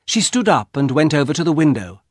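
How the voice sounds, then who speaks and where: A man narrating a graded-reader audiobook, slowly and with clear, expressive delivery on a close mic. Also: on the high side, no echo. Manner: slow, clearly articulated, expressive.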